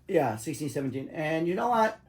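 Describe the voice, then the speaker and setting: Profane, rambling storyteller dad, fairly high voice. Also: male voice, very animated, brisk. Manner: rambling, profane, laughs at his own stories. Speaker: father telling stories to his kids. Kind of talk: casual storytelling.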